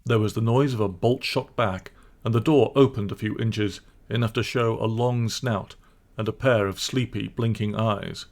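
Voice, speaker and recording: A man narrating a classic children's storybook in a calm, measured way. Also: fairly low pitch. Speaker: audiobook narrator.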